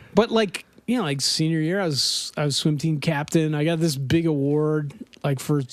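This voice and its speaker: Middle-aged guy from denver, rambly podcast stories, kinda high voice, laughs a lot. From Denver, USA. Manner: rambling storyteller, laughs often. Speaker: podcast host. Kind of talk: casual chat.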